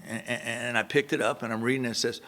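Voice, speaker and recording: A man's voice: medium pitch, steady tone, quick pace, a bit bright. A man in his sixties from Southern California, speaking at a recovery meeting. He tells his personal story bluntly and earthily, with rambling "you know" asides. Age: 60s.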